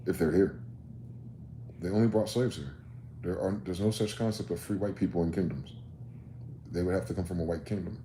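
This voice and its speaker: A man's voice: deep voice, fairly quick, pauses often, dark tone. A man hosting a solo rant monologue, firing off rhetorical questions in a profane, combative way. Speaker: host. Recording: roomy echo, faint background noise.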